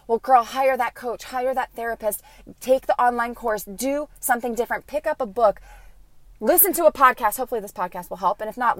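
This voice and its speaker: A woman's voice: a little high, no room sound. A woman in her thirties hosting a motivational podcast as a coach, talking in an emphatic, earnest and encouraging way.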